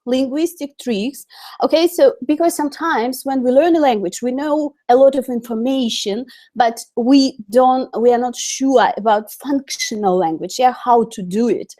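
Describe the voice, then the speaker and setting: A woman's voice: sits high, normal speed, dark tone. Russian-accented woman teaching English live. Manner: chatty, many fillers and self-corrections. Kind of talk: live-streamed online lesson.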